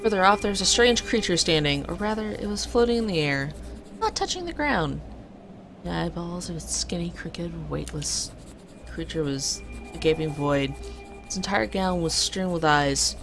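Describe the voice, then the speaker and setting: Woman reading a text game aloud, lowish voice, casual and wry. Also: animated, normal speed, over music. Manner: casual, wry asides between narration.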